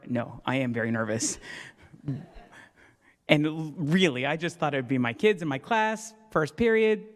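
A man's voice: medium pitch, darkish tone. A man preaching a sermon as pastor in a church, telling a story with self-mocking humor and acting out voices. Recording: long reverb of a church hall.

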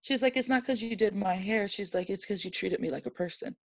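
A woman's voice: medium pitch, brisk, dry recording. A woman being interviewed, telling a personal story in a candid, emotional way and acting out the voices of the people in it. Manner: animated storyteller who acts out quoted dialogue. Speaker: guest.

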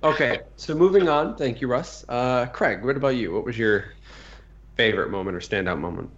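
A man's voice: mid-range voice, brisk. A man hosting a casual podcast about a tabletop game, putting questions to each player in turn. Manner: relaxed, leads the questions. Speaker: podcast host. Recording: dull lo-fi sound.

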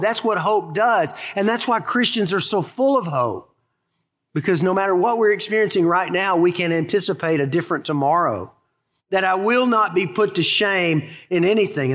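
High-pitched guy preaching, slows down for the big words, hurries the jokes, church echo. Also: a bit bright. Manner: emphatic, storytelling preacher, shifts between slow stress and quick asides. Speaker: pastor. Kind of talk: sermon.

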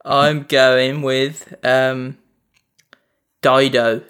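A young man co-hosting a podcast in a relaxed, casual chat, swearing freely and laughing at himself. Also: medium pitch, drawn-out words, clean tone. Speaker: podcast co-host.

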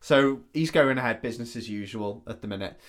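A man's voice: mid-range voice, brisk, a bit bright. A man, co-hosting a podcast, casually retelling a film plot with lots of swearing. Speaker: podcast co-host. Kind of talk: casual storytelling chat.

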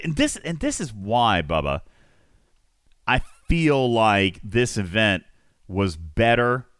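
Animated, bright-voiced male host. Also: medium pitch, no echo, clean studio sound. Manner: animated, teasing, rambling. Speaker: podcast host. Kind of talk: casual gaming chat.

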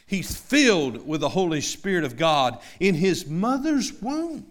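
A middle-aged male pastor preaching a sermon, emphatic, moving between loud urgency and hushed lines. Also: high voice, big pitch swings, a little slow.

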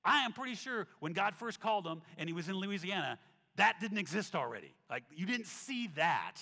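A man preaches with a bright, slightly high voice that rises and falls across a wide range. He acts out the quotes and softens when reading scripture. The sound has a long hall reverb with faint instrumental music underneath. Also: normal speed, creaky. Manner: animated storytelling, acts out quotes, drops to soft tones for scripture. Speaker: pastor. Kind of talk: sermon. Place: church sanctuary.

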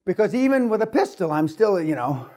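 Man, seminar speaker, higher-pitched voice, profane, acts out sound effects, storytelling to a room. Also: big pitch swings, brisk, mellow. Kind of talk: storytelling to a live audience.

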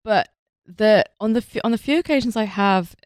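A woman's voice: medium pitch, moderate pace, darkish tone, clean tone, dry recording, studio quality. A woman hosting a podcast, telling a rambling, self-mocking story full of filler words. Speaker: podcast host.

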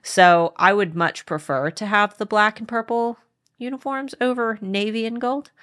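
A woman co-hosting a book podcast in a casual chat, lively and blunt, swearing casually. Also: medium pitch, normal speed, smooth. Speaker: podcast co-host.

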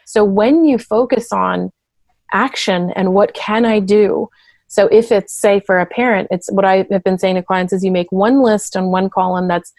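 A woman therapist explaining things in conversational interview talk, and at times acting out quick voices. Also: mid-range voice, a little mellow, no echo. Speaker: therapist and parent coach.

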